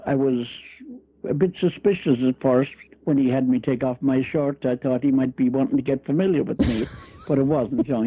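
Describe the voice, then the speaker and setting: An older Irish man appears as a guest author, telling rambling, humorous stories in an interview chat, often restarting and chuckling. His mid-range voice is husky and the recording dry, though it sounds like tinny phone-line radio audio.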